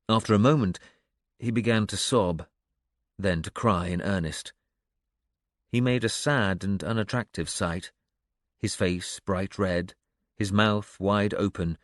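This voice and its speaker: Low-voiced male audiobook narrator. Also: dry recording, studio quality. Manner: even storytelling. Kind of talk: scripted narration.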